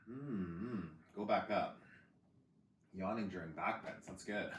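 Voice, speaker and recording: A man leading a guided yoga class, giving calm, encouraging cues and counting breaths. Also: sits low, slow pace, long pauses. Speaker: yoga teacher. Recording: roomy, distant, faint background hiss.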